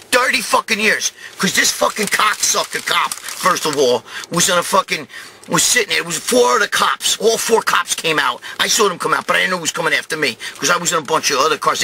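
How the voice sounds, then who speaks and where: A man in his fifties hosting a show, telling a rambling story, swearing constantly in an animated, streetwise way. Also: a little high, slight background noise. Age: 50s. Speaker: show host. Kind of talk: profane rambling anecdote.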